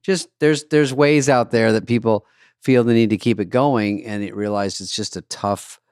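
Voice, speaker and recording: A man's voice: lowish voice, steady tone, normal speed, a little mellow, clean tone, dry recording, studio quality. A man co-hosting a podcast in casual chat, dropping wry, offhand remarks. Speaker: podcast co-host.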